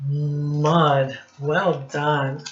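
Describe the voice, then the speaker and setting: A woman reads a children's storybook aloud very slowly, in a sing-song, teacherly manner. Her voice sits low for a woman. The sound is roomy and a bit dull, like a lo-fi home recording. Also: flat delivery, faint music behind. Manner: slow, sing-song teacherly, asks children questions and praises them. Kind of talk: read-aloud storytime for young kids.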